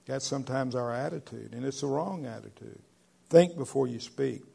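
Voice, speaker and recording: A man preaches a sermon in a conversational, earnest manner. His voice is mid-pitched with a gravelly edge. Now and then he hits a key word with sudden loud emphasis. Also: lively intonation, normal speed. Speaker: pastor.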